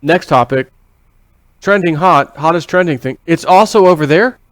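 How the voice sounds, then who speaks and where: An American vlogger with a slightly high, somewhat bright voice delivers a casual, rambling monologue at a moderate pace with no echo. He repeats himself, swears offhandedly and acts out inner voices as quoted thoughts.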